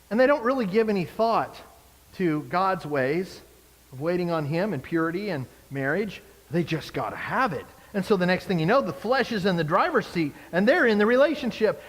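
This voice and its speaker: A man preaching a sermon as a pastor, animated, acting out the people he quotes. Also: high voice, long reverb tail.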